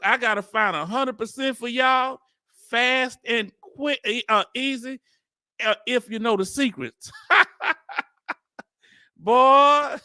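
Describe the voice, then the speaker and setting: A man's voice: very high-pitched, pushed and bright, dry recording, studio quality. A man with a Southern accent hosting a reaction video, talking in casual slang, incredulous and laughing often. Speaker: video host reacting to a hearing.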